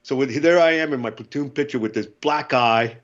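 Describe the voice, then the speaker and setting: A man in his fifties from the United States, a podcast guest telling lively war stories and acting out the voices. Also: medium pitch, brisk, muffled recording. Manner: animated storyteller, acts out voices, laughs often. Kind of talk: casual storytelling.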